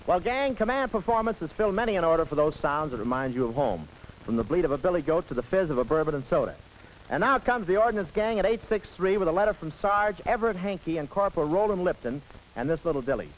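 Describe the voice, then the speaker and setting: A man hosting a 1940s radio variety show before a live audience, with brisk wisecracking emcee patter. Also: high voice, lively intonation, a little hiss or hum, poor audio.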